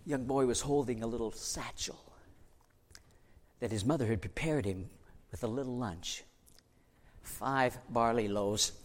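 A man preaching, telling a story in an animated, dramatic way. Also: on the high side. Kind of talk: sermon storytelling. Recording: long hall reverb.

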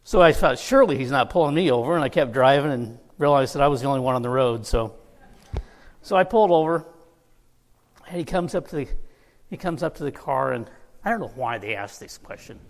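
A man's voice: mid-range voice, expressive, a little fast, long pauses. Man preaching in a reverberant church. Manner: storytelling, laughing through anecdotes. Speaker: pastor. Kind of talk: sermon. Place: church sanctuary. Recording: long reverb of a church hall.

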